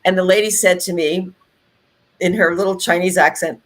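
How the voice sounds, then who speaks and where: Lowish-voiced chatty woman podcast host. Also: normal speed. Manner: chatty and animated, many fillers and restarts. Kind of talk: casual conversational podcast chat.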